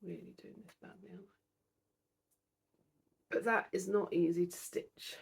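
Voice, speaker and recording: A woman's voice: lowish voice, steady tone, normal speed, gravelly, slightly rough. A tired young British woman vlogging about her cross-stitch, chatty and self-deprecating. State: tired, yawning. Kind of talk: casual chat to camera.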